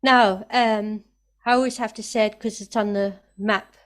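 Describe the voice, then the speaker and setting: A woman giving emphatic, excited spoken commentary, often repeating herself for emphasis. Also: medium pitch, moderate pace. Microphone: computer mic, camera off.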